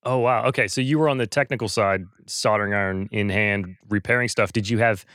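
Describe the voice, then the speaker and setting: A man's voice: lowish voice, steady tone, a little fast, fairly bright tone, no echo, studio quality. A man hosting an interview, asking curious, encouraging questions. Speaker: podcast host. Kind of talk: casual interview.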